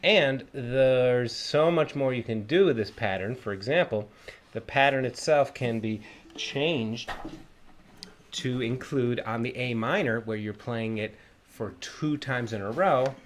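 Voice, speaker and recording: A man's voice: medium pitch, unhurried. A man teaching a live online ukulele lesson, explaining patiently step by step and counting the beats aloud. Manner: friendly, greets viewers by name. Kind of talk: livestream music lesson.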